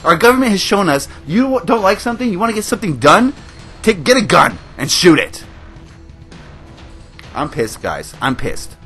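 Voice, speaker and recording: A man's voice: high voice, big pitch swings, brisk, fairly bright tone, faint music behind. A man hosting a gaming video, giving a passionate, emotional rant to his viewers. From United States. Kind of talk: ranting commentary over gameplay.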